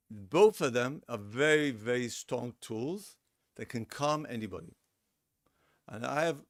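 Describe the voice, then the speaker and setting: A man's voice: mid-range voice, no room sound, clean studio sound. A middle-aged man lecturing a seminar in a conversational way, acting out example lines and repeating his words. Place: lecture room.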